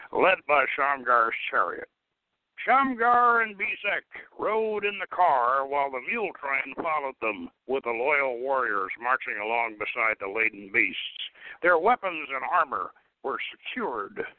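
A man hosting a radio show, narrating a story in a measured, expressive way. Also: medium pitch, no room sound. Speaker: radio host reading a story. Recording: dry, tinny phone-like radio sound.

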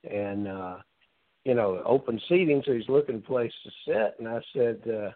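A man's voice: mid-range voice, moderate pace, no echo. A man in his usual speaking range reminisces casually as co-host, with easy fillers and trailing sentences. The sound is dry and narrow, like a phone call. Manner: reminiscing, loose and conversational with fillers. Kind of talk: casual storytelling. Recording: dry phone-line audio.

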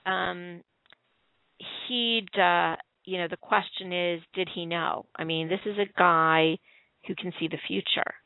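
Chatty woman panelist, low and gravelly, phoned in on a tinny line, given to long explanations. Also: fairly even intonation, unhurried, dry recording. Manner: talkative, running on in long explanations. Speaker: panelist on a call-in TV show. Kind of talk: casual chat and reading her own written review aloud. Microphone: phone call-in.

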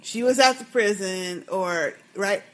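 A woman's voice: medium pitch, measured pace, fairly bright tone. A woman co-hosting a casual podcast, chatting and laughing as she reads listener emails aloud. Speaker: podcast co-host.

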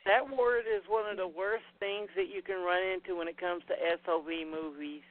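A man's voice: high voice, fairly even intonation, moderate pace. A man hosting a casual podcast chat, rambling through crude plot summaries. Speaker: podcast host. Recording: tinny phone-like line.

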